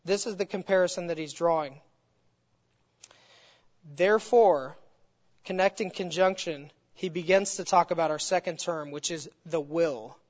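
An adult Bible teacher gives an expository lesson at a mid pitch, stressing key words and building each point through repetition. The voice rings with a long hall echo. The sound is dull and lo-fi. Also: measured pace, long pauses.

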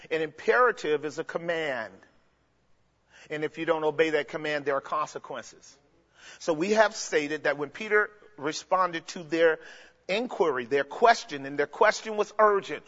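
A man's voice: sits high, lively intonation, measured pace, pushed and bright. A man preaching an expository sermon, explaining the text emphatically and addressing the congregation directly. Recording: dull lo-fi recording with long hall reverb.

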